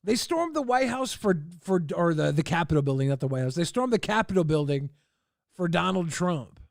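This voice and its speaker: A man rambles through relaxed livestream commentary with chuckling asides. His voice is gravelly and a little high. The sound is dry and close. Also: brisk, no echo. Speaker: livestream host. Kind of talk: casual stream commentary.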